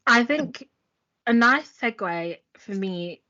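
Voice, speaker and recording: A young woman co-hosting a podcast, chatting casually and quickly with a bit of slang. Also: a little high, expressive, sharp tone. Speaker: podcast co-host. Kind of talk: casual chat. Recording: dull lo-fi recording.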